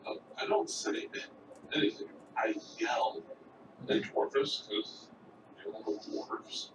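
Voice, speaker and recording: A man's voice: slow, lo-fi sound. A man playing a tabletop game, hesitant with fillers. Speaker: player. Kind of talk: casual tabletop play. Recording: roomy, distant, noisy.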